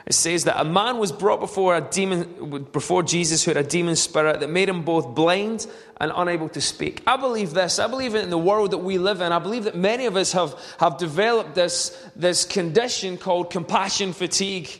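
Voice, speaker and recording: High-voiced male preacher in a reverberant hall. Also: fairly quick, fairly bright tone. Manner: earnest storytelling with frequent restarts. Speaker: pastor. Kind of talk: sermon.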